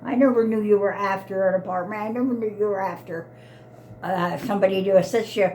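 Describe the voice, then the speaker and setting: An elderly woman in her eighties speaks to her grown children in an upset, pleading voice. She circles back over the same complaints. Her pitch sits in a middling range. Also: fairly even intonation, brisk, dark tone, slight background noise. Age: 80s. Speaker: elderly mother. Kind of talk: heated family argument.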